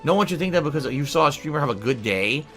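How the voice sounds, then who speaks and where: Brief: male streamer, quick and sharp-toned, defensive, swears, faint music under him. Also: a little high, expressive. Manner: defensive, profane, reads chat aloud. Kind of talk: livestream talk.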